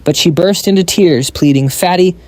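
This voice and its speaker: A man giving brisk scripted narration of a comic recap. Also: a little high, warm tone, dry recording.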